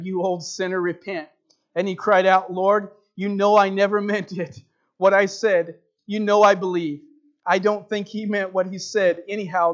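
Earnest preacher man on lo-fi audio. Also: fairly high pitch. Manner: earnest, emphatic, rising loud in the telling and dropping quiet to press the point. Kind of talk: sermon, reading a story aloud then preaching. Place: church building. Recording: dull lo-fi recording.

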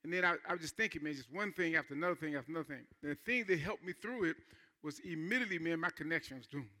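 High, bright-toned conversational preacher man. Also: very fast. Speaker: pastor. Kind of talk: sermon.

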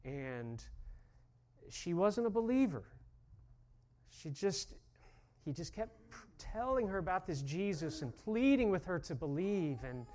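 A man's voice: fairly high pitch, a little mellow. A pastor preaching a sermon, telling a story and then building to fervent, emphatic calls to his congregation.

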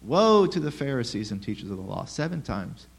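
Man, sermon, rhetorical questions, sarcastic asides, mid-pitched voice. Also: fairly quick, gravelly, slightly rough. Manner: rhetorical questions, lively shifts in loudness. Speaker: preacher.

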